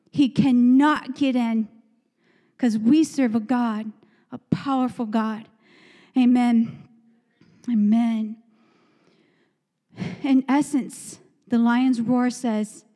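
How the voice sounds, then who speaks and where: A woman's voice: a little high, dark tone. A woman preacher delivering a fervent sermon with emphatic, repeated phrases and calls to the congregation. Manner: fervent, call-and-response, repetitive emphatic phrases. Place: church sanctuary. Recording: long church hall reverb.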